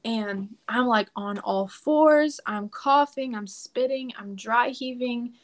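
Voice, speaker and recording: Animated woman telling a story. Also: fairly high pitch, slow pace. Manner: animated, emphatic retelling with quoted prayers. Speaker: podcast guest. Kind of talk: casual storytelling.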